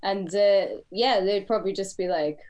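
A woman's voice: mid-range voice, moderate pace, darkish tone. A woman from northern England co-hosting a podcast, brash and playful, swearing freely. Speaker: podcast co-host. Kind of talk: casual podcast banter.

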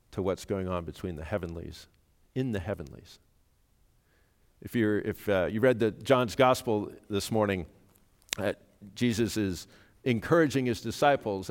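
A man preaching a sermon, speaking earnestly and rising to sudden loud emphasis when he quotes. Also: on the low side. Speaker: pastor. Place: church sanctuary. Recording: reverberant church hall.

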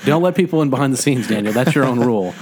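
A man's voice: mid-range voice, lively intonation, racing, a little mellow. Casual male podcast co-host, self-deprecating, rambly, filler-heavy, recorded at home. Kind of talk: casual joking podcast chat. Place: living room.

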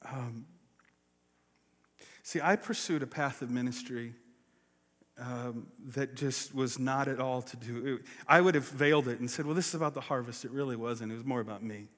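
A pastor telling a personal story in a sermon, acting out the voices of the people in it. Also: male voice, mid-range voice, moderate pace, fairly bright tone. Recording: long reverb of a large hall.

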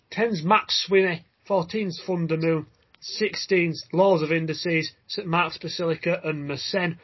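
A man's voice: on the high side, breathy edge, lo-fi sound. A man hosting a racing podcast, reading out runners and odds in a jokey way. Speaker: podcast host. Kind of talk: casual racing podcast chat.

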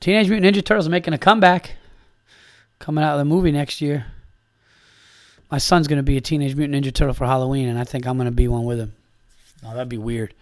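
A man's voice: mid-range voice, quick pace, pauses often, no echo, clean studio sound. A man from upstate New York hosting a comedy podcast in casual chat, rambling and profane, with lots of fillers.

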